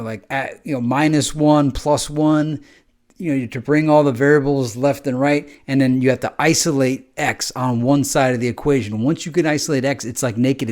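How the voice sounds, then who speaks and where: A man's voice: medium pitch, a little mellow. Man rambling in a casual monologue. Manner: rambling, conversational, acts out quoted exchanges. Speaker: podcast host.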